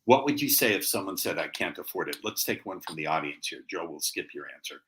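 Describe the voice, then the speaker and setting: Deep-voiced, bright-toned man teaching sales. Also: sing-song, brisk, a little hiss or hum, poor audio. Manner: emphatic, playful, stresses key words. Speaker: guest sales trainer.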